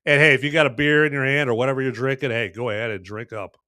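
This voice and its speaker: A man's voice: mid-range voice, fairly even intonation, quick pace, pushed and bright, no room sound, clean studio sound. A man hosting a live podcast, reviewing a beer in a rambling, folksy way with many fillers and restarts. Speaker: podcast host.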